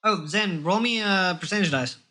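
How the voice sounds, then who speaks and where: A man narrating a tabletop game as game master in a loose, halting way. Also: sits high, bright, forceful tone.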